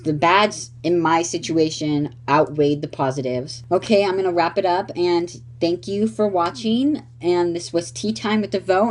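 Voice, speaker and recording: A young woman in her late teens runs her own casual storytime vlog, sassy and outspoken with plenty of swearing. Her voice sits low for a woman, and she talks straight to her viewers. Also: darkish tone. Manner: sassy, blunt and profane, calls people honey. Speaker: vlogger.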